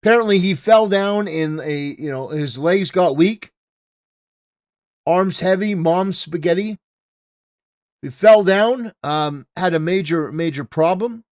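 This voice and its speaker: A man's voice: high-pitched, unhurried, darkish tone. A man hosting a live stream, talking casually and ranting, with lots of "you know" fillers and swearing. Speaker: streamer host.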